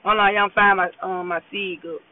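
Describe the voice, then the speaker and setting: A woman with a mid-range voice and flat delivery gives a blunt, profane motivational monologue from behind the wheel, at a moderate pace. She keeps tossing in "you know what I'm saying." The podcast host's audio is thin and tinny, like a phone voice message.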